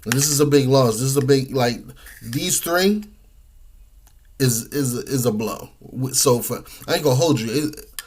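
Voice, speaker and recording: A man's voice: medium pitch, measured pace, a little mellow, slightly rough. A man, talking casually and profanely with lots of slang, eating while he talks. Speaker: podcast host. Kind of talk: casual monologue.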